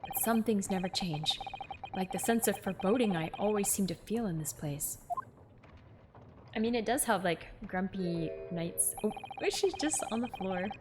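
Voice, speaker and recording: A woman's voice: medium pitch, animated, moderate pace, background noise. A woman streamer playing through a game, reading its lines aloud with chatty, playful asides. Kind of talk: playthrough with read dialogue. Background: background music.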